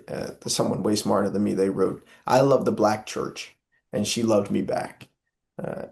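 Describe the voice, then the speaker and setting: Young man, impassioned interview guest, rough gravelly tone. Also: on the low side, a little mellow. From Southern US. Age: young adult. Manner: impassioned, preacherly, frequent filler "uh". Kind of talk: earnest interview conversation.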